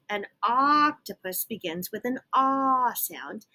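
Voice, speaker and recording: A young woman teaching young children letter sounds, slowly and patiently sounding out each letter. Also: on the high side, expressive, slightly rough. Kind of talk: phonics lesson for young children.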